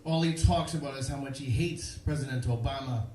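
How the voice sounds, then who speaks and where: Young man, stand-up comedian, deadpan, echoey club, faint hiss. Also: medium pitch, brisk. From Chicago, USA. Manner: deadpan storytelling with punchlines. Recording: echoey live club room.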